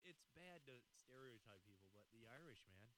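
A man jokes and teases in casual podcast chat, talking fast with a bright, forward tone. His pitch jumps around a lot. A faint hiss runs under the recording. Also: expressive, low-quality recording. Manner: joking interjections, teasing. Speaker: podcast co-host.

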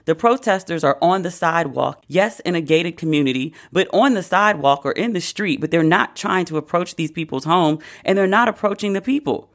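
A podcast host from the United States giving casual comedic commentary, profane and sarcastic, with animated asides. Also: mid-range voice, a little fast, hardly any pauses.

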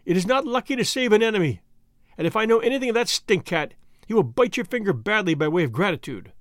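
Man putting on a loud, high, scolding old wife, sharp-tongued, dry sound. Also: animated, quick pace, no echo. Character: sharp-tongued older Boer woman, scolding.

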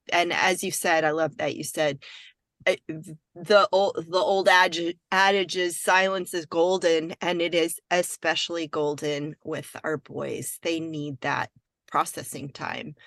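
A woman's voice: on the low side, fairly bright tone, no room sound, studio quality. A woman in casual conversation about parenting, affirming and adding short remarks. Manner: affirming, adds brief remarks.

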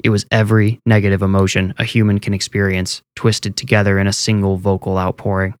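A man narrating a horror audiobook in a steady, measured delivery. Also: on the low side, no room sound.

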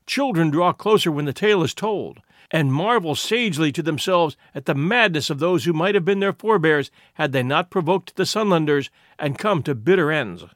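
A man narrates a classic tale with a lively, swinging delivery and a slightly high voice. The recording is dry and close, with no room sound. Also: moderate pace, few pauses, no room sound. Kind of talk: storytelling reading.

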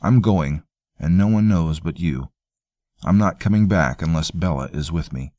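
A man's voice: deep voice, moderate pace, dark tone, no room sound, studio quality, close to an everyday voice. A man voicing a proud, guarded young male noble officer who answers in short, curt lines. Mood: resolute. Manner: curt, terse replies.

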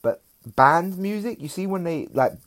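A man's voice: high voice, animated, normal speed, fairly bright tone. A young man, chatting as a comedian guest on a podcast in a laid-back, slangy, rambling way. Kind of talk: casual podcast chat.

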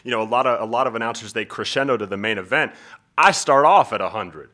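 Guest spot: relaxed talkative man, bright forceful tone. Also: medium pitch, fast. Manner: laid back, talkative. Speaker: guest, ring announcer. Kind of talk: casual interview chat.

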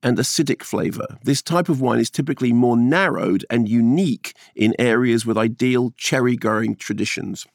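Male co-host, mid pitch, gravelly texture, playful and chuckly, dry booth sound. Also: normal speed, hardly any pauses, dry recording. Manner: jokey, chuckling, looks things up aloud. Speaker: film podcast co-host. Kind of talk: casual banter. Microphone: studio microphone.

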